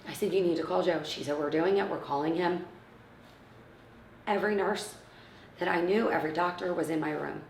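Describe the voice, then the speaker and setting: Gravelly-voiced woman telling a personal story. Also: lowish voice, fairly quick, long pauses, slight background noise. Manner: acts out others' words, often drops to a hushed near-whisper. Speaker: interviewee, mother of premature twins. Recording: roomy, from a distance.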